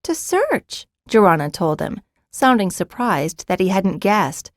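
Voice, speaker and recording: Narrating a fantasy audiobook, a woman tells the scripted story in an even, measured way. The studio-quality recording carries her lowish voice without any echo.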